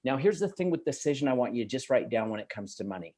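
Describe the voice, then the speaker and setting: A middle-aged man from Canada, giving an energetic, emphatic motivational talk as a guest speaker. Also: mid-range voice, fast talker. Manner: energetic, emphatic, laughs easily.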